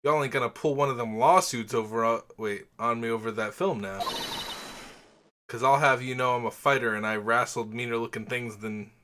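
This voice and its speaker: A man reading a brash young southern woman photographer in a video game, with a put-on exaggerated Southern drawl and a loud, folksy, pushy manner. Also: mid-range voice, steady tone, normal speed, noisy background, close to an everyday voice. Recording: game music underneath.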